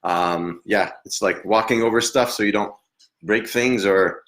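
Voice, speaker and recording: A man working as a psychic medium, giving a live reading in a hesitant, halting way with frequent laughs. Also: lowish voice, fairly bright tone.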